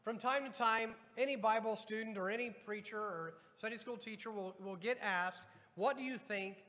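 Preaching to his congregation, a pastor reads from scripture and speaks to the people directly. His voice sits high with a sharp tone and a moderate pace. The sound carries a long hall reverb from the church sanctuary.

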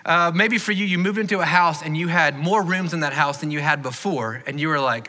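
A man's voice: high voice, fairly quick, sharp tone. A man preaching a sermon as pastor, conversational and encouraging, with small jokes to the congregation. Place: church sanctuary. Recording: long hall reverb.

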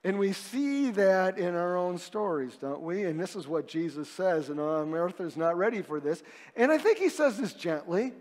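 A man's voice: high voice, animated, moderate pace, darkish tone, in a large hall. A male pastor preaching a sermon in a conversational way, posing rhetorical questions and swinging widely in emphasis.

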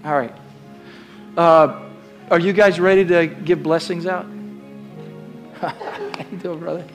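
A man preaching a sermon in a church, exhorting his congregation with call-and-response and building to shouted declarations. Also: fairly high pitch, fairly even intonation, takes it slowly, music in the background. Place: church sanctuary.

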